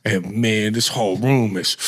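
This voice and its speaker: A man hosting a podcast, telling a story in casual chat, animated and laughing, with slang and swearing. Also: fairly low pitch. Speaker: podcast host.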